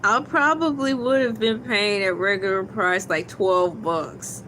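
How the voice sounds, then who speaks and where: A woman hosts a casual livestream, reading viewer comments aloud and giggling often between lines in a playful, chatty way. Her voice is medium-pitched, unhurried, and fairly bright, with a little hiss or hum in the audio.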